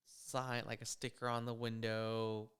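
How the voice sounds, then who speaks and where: A man's voice: mid-range voice, completely flat delivery, measured pace, fairly bright tone, smooth. A young adult man co-hosting a podcast, telling a story in an easygoing casual chat. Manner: easygoing, short replies, chatty storyteller. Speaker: podcast co-host.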